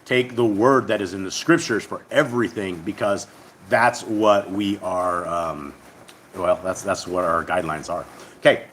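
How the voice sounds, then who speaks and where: A man's voice: low-pitched, measured pace, fairly bright tone, a little hiss or hum. A man hosting a casual livestreamed Bible study, reading scripture aloud and explaining it in a rambling, conversational way.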